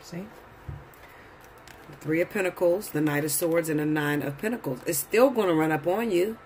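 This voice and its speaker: Man reading tarot, blunt, cussing, preachy, a bit high voice, faint hiss behind. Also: normal speed, darkish tone. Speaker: tarot reader. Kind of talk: casual tarot reading to camera.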